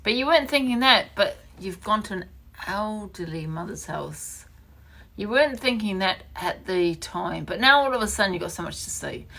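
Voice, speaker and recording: A woman's voice: fairly low pitch, expressive, moderate pace, creaky, bright, forceful tone. A woman ranting angrily on a live stream, swearing and repeating accusations. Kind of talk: heated live-stream rant.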